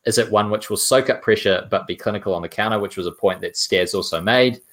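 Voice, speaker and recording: A man's voice: lowish voice, fast, fairly bright tone. A man hosting a casual football fan podcast, enthusiastic and handing questions to his co-hosts. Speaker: podcast host.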